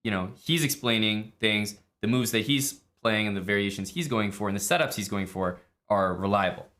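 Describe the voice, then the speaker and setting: A man's voice: fairly low pitch, normal speed, a bit bright. A man streaming live and talking through chess lines in casual commentary, blunt and profane, acting out his own thoughts and laughing at odd moves.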